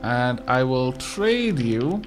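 Brief: man, let's play host, casual self-deprecating commentary, animated delivery, soft music bed. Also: mid-range voice, slow pace. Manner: chatty, self-mocking, stammers on restarts.

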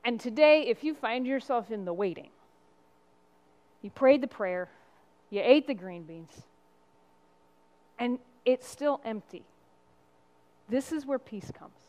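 A woman's voice: fairly high pitch, lively intonation, slow pace, long pauses, darkish tone. A woman pastor giving a sermon in an earnest, conversational preaching style. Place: church sanctuary. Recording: long reverb of a church hall.

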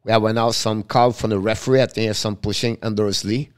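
A man's voice: on the low side, steady tone, clear, resonant tone. Man calling hockey play-by-play. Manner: halting non-native English, rapid call of the action; chats with viewers between plays. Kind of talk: live play-by-play commentary.

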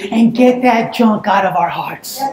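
A woman preaching a sermon in a church, telling a personal story in an animated way that breaks into shouts and laughter. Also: a little high, measured pace, roomy sound. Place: church sanctuary.

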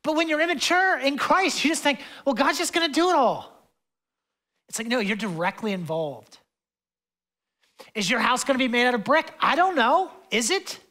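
A young adult man preaching a sermon as pastor in a loose, conversational way, full of fillers and asides, and passionate as he swings between loud stretches and hushed ones. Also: extremely high pitch, sing-song, normal speed.

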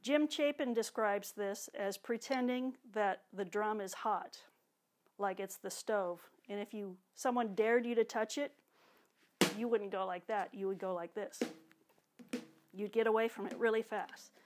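Against a noisy backdrop of loud drums, a woman teacher speaks a little slowly at medium pitch. She demonstrates a technique with clear, patient explanation, voicing drum strokes now and again.

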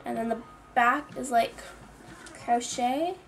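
A woman's voice: a little high, slow, a little hiss or hum. A young woman chatting casually in a clothing haul video, full of "like" and self-mocking asides. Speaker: vlogger.

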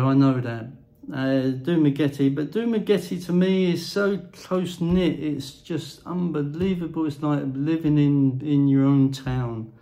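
A man's voice: a little high, warm tone, rough recording. A man delivering a blunt, crude ranting monologue to camera as a vlogger. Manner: blunt, crude, swears freely.

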